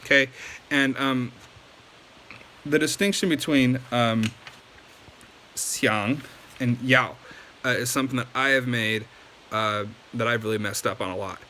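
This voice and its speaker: A man's voice: medium pitch, a little slow, pauses often, bright, forceful tone, slight background noise. Chatty man teaching casually. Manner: loose and chatty, many ums and likes. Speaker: language teacher. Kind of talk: casual video lesson.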